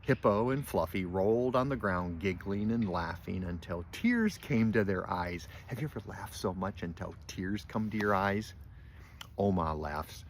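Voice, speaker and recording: A grandfather with a fairly low voice reads a picture book expressively and at a measured pace, gently stopping now and then to put questions to his grandchildren. The room's faint hum can be heard in the background.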